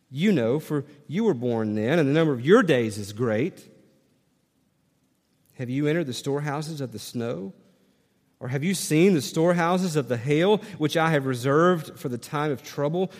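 A man preaching a sermon and reading scripture aloud, animated and questioning his listeners. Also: a little high, in a large hall. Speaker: pastor.

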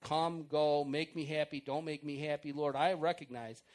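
A middle-aged man preaching an informal sermon, acting out prayers and conversations in an animated way. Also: fairly high pitch, moderate pace.

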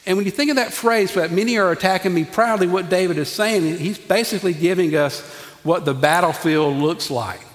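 A man preaching a sermon in a church, folksy and animated, talking to the congregation. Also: high voice, a little fast. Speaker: pastor. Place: church sanctuary. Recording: long reverb of a church hall.

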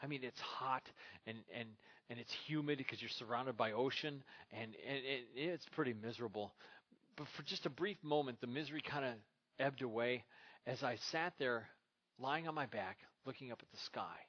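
A pastor from Minnesota preaching a sermon, moving from relaxed storytelling into emphatic scripture reading. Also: male voice, medium pitch, highs cut off.

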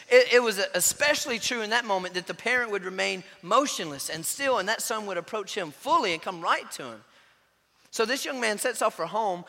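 Animated preacher in a reverberant church. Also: male voice, sits high. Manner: animated storytelling with voiced quotes. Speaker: pastor. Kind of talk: sermon. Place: church sanctuary.

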